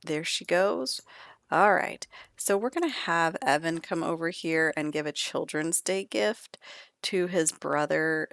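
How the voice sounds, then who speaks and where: Woman let's-play host, chatty and playful, low and gravelly. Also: a bit bright, dry recording. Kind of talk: casual gameplay commentary.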